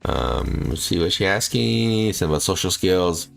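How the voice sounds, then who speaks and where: A male streamer chatting casually and rambling while he plays, full of fillers and restarts, with a bassy voice. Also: sing-song, measured pace, gravelly. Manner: rambling, filler-heavy, restarts often, laughs easily. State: feels like coughing. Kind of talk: casual live-stream chat while gaming.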